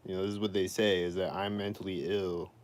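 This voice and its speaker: A man's voice: sits low, flat delivery, a little fast. A man ranting on a livestream in an aggrieved, repetitive way, asking the same questions over and over. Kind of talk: livestream rant.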